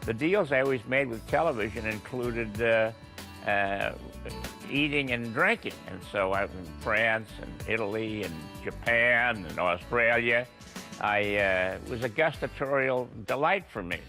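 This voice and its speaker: An elderly man in his eighties spins racing anecdotes in a gravelly, slightly low voice. His tone is bright and forceful, and he chuckles between stories. Soft music plays faintly underneath. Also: lively intonation. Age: 80s. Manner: unhurried, chuckling raconteur with fillers. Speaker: veteran racing broadcaster, guest. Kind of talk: anecdotal storytelling.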